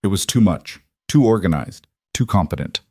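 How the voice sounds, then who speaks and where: A man with a low voice narrates a scripted story in an even, measured way. The sound is dry and close, with no room around it. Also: husky, no echo.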